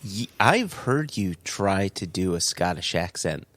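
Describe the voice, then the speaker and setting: A man's voice: low-pitched, big pitch swings, a little slow, fairly bright tone. A middle-aged man co-hosting a podcast, playful and jokey, swearing freely in casual chat. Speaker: podcast co-host.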